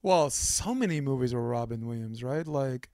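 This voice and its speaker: A man hosting a podcast in casual chat, playful and quick to laugh. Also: mid-range voice. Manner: laughs often, playful and lively. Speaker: podcast host.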